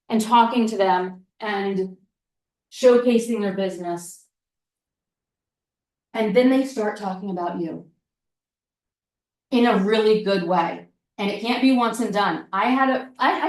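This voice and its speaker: Chatty woman presenter in an echoey room. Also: on the high side. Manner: chatty and animated, fond of "like" and "right?"; repeats points for emphasis. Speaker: workshop presenter. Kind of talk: casual seminar talk. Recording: echoey room, mic at a distance.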